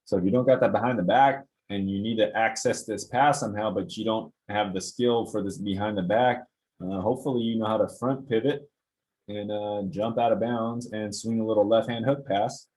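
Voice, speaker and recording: Animated man breaking down game film. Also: on the low side, moderate pace, low-quality recording. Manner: animated, gets worked up and exasperated. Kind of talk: casual film-breakdown commentary.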